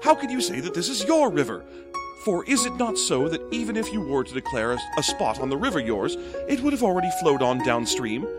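Man doing a prim high owl voice, know-it-all, lively pitch, music loud behind. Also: fairly quick. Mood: pedantic. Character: fussy philosophical male owl.

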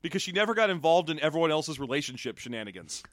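A man co-hosting a casual podcast about tabletop games, reading out listener questions with quick, playful humor. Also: big pitch swings, no echo, clean studio sound. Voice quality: calls his voice a soothing baritone. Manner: quick, wry, playful delivery. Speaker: podcast co-host.

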